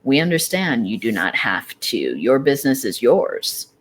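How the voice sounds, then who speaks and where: A woman giving a channeled tarot reading, gently relaying spirit messages with soft laughs and meandering phrasing. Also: a bass voice, big pitch swings, moderate pace. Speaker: psychic tarot reader.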